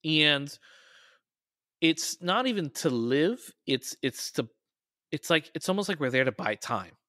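Man, podcast guest, forceful bright tone, dry sound, casual storytelling. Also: a little high, animated, a little slow, no room sound. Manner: storytelling, raises his voice to quote people.

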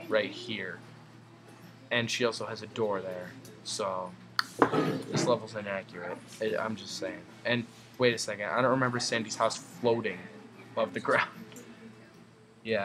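A young man doing goofy gameplay commentary, muttering asides and then breaking into high excited yells.

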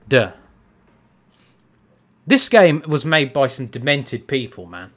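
A man's voice: mid-range voice, lively intonation, a little slow, a bit bright. A man streaming a fighting game, ranting and swearing at his opponents and the game. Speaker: gaming streamer. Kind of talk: live gameplay commentary.

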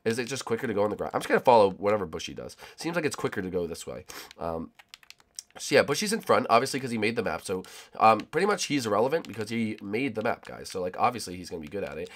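Young male gaming YouTuber, rambling excitable play-by-play, quick and animated delivery. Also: medium pitch. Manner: excitable, rambling, shouts "oh, baby". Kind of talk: excited let's-play commentary.

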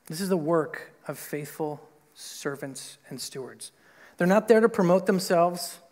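High-voiced preacher in a reverberant church. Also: male voice, lively intonation, unhurried, darkish tone. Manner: conversational, lots of "like" and "right?"; acts out quoted voices with big pitch jumps. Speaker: pastor. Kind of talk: sermon. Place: church sanctuary. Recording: long hall reverb in a church.

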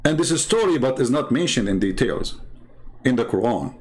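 A man's voice: medium pitch, big pitch swings, normal speed. Mocking man with an Arabic accent. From Middle East. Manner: mocking, sarcastic, rambling. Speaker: channel host and religion critic. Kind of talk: livestream commentary.

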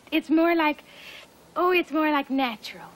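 An actress playing a lovestruck young daughter with a breathless, giggly manner. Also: female voice, high voice, unhurried. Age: young adult. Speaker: daughter and shop clerk. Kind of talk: film drama acting.

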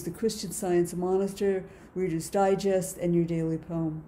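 A woman's voice: lowish voice, dark tone. A woman on the program faculty reading a formal introduction of the next reader. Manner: formal, read from notes. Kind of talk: scripted introduction.

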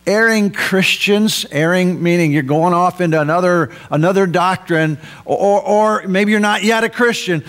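Emphatic high-voiced male preacher. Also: normal speed, hardly any pauses, a bit bright. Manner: emphatic preaching, rising for stress and dropping low for asides. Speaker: pastor. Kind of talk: sermon.

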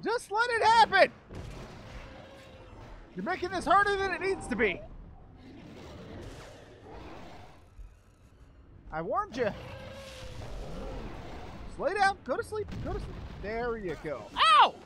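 A man doing an impression of a cheerful, naive young male martial-arts hero while commenting on a video game, goofy and excitable, yelping and shouting at it. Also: very high voice, normal speed, pauses often, noisy background. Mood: playful. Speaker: gaming channel host. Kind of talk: let's play commentary. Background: video game music.

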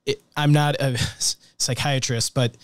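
A man's voice: medium pitch, steady tone, measured pace, no echo, studio quality. A man co-hosting a true-crime podcast, reflecting aloud on the case. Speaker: podcast co-host. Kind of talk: investigative podcast interview.

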